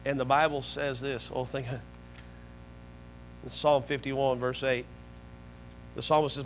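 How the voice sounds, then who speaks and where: A man preaching a sermon as pastor, animated, swinging between soft low asides and loud high-pitched bursts. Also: a little slow, pauses often, slight background noise, poor audio. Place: church sanctuary.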